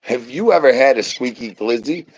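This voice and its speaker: A man doing an absurd comic rant, rambling nonsense and doubling words in a sing-song way, with catchphrases he drags out into a slow chant. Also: mid-range voice, animated, darkish tone, highs cut off.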